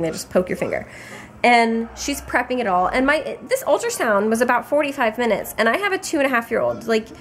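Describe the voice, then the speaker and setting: A woman's voice: on the high side, slight background noise. A young woman telling a pregnancy story to the camera in a loose, chatty way, full of fillers and acted-out quotes. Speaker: pregnant mother vlogging her pregnancy. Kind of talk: casual chat.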